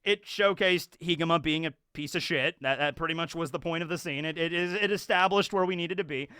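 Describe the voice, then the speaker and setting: A man talks through a show episode in a loose, chatty ramble, full of fillers and restarts. His voice is a touch high, bright and crisply clear. The recording is dry with no room sound. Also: a little fast, dry recording. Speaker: YouTube show reviewer. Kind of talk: casual episode breakdown.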